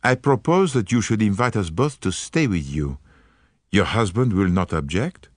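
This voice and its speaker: Precise, formal older sleuth for a mystery audiobook, played by the narrator, low voice with lively inflection. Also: male voice, moderate pace, no echo, studio quality. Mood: measured. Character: fastidious, shrewd older male detective.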